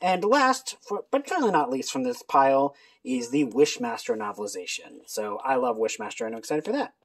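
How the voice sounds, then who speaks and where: A book video creator chatting casually through a reading list, talking in an animated way with many quick asides. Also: mid-range voice, vocal fry, slightly rough.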